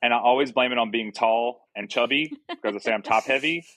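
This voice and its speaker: A man's voice: medium pitch, a little fast, a bit bright, dry recording. A man from the Southern US, a podcast guest chatting casually and joking about himself. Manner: chatty, self-deprecating, easy laughs. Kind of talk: casual conversation.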